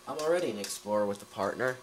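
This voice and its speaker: A man's voice: fairly low pitch, lively intonation, rapid-fire, slight background noise, close to an everyday voice, poor audio. A man reading as a puzzled young hero. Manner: plain reading of the game's text.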